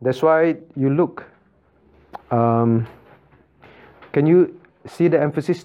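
A male pastor leads a Bible class, hammering key words and firing questions at his listeners. His voice sits a bit higher than most men's. The sound is thin and tinny, like a phone line. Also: normal speed. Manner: emphatic, repeats key words and quizzes listeners with "right?". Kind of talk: interactive Bible study teaching.

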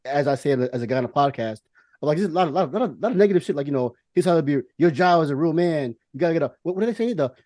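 A man's voice: fairly high pitch, animated, very fast, a little mellow, dry recording. A man co-hosting a podcast, talking casually in a rambling, profane way with many restarts. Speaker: podcast co-host.

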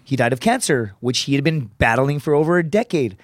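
A man's voice: medium pitch, expressive, brisk, dry recording, studio quality. A man in his thirties, a comedian appearing as a podcast guest, telling personal stories in a casual, profane way and often tagging his sentences with "right?". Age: 30s. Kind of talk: casual storytelling.

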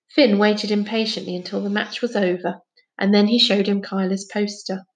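A woman calmly narrating a children's novel aloud. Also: medium pitch, moderate pace. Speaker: storybook reader.

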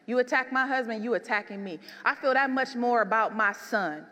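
Woman preacher, higher register, soft-to-emphatic sermon delivery, reverberant hall. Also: fairly quick. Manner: animated, swings from soft to emphatic.

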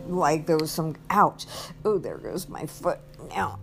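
A woman's voice: on the low side, fairly even intonation, measured pace, gravelly. A woman telling a personal story in a casual monologue, rambling with restarts and acting out what people said. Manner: rambling, with many restarts and acted-out quotes. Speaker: vlogger.

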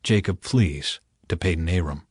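A man narrating a Bible reading in a measured storytelling way. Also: low-pitched, a little mellow, husky, no room sound, studio quality.

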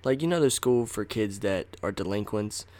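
A man's voice: fairly low pitch, animated, moderate pace, a little mellow. A man telling a personal story in a casual, slangy, profane way, acting out what people said. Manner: profane, slangy, acts out quotes. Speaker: storyteller host.

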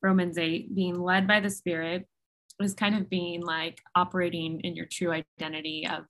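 Bright, lowish woman asking a question, bubbly and thinking aloud. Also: level tone, normal speed. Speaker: audience member asking a question.

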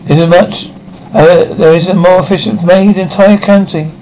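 An actor playing a dutiful, proud robot butler who speaks with stiff, proper formality in a 1950s TV drama style. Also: male voice, high-pitched, steady tone, moderate pace, darkish tone, slight background noise, lightly acted, low-quality recording. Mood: protesting.

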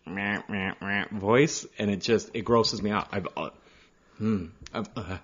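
A man's voice: lowish voice, steady tone, measured pace, breathy edge. A man co-hosting a casual podcast, swearing, laughing and ranting about things that gross him out. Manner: crude, laughing, squeamish rants. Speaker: podcast co-host. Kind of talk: casual chat. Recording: dull lo-fi sound.

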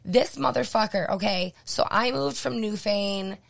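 Hoarse woman radio co-host, gravelly. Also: mid-range voice, unhurried. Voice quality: gravelly, throat-clearing. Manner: blunt, joking, lots of ums. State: losing her voice, hoarse. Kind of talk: casual radio chat.

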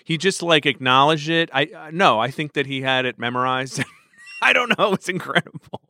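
A man's voice: fairly high pitch, animated, normal speed, sharp tone, dry recording, studio quality. A man co-hosting a podcast, talking emphatically and wryly with strong opinions. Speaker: podcast co-host. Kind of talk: casual panel chat.

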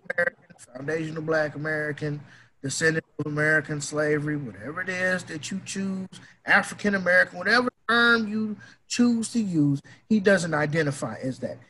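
A man delivers a fired-up, profane opinion rant and hammers home his points. His voice is high and bright. A faint hiss sits behind it. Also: normal speed, low-quality recording. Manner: emphatic, profane and heated.

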